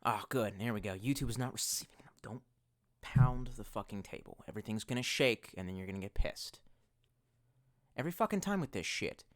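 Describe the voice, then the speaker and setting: A man's voice: on the low side, lively intonation, a little fast. A young man hosting a casual livestream in a rambling, profane, exasperated way, talking into a headset. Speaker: livestream host. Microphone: bluetooth headset.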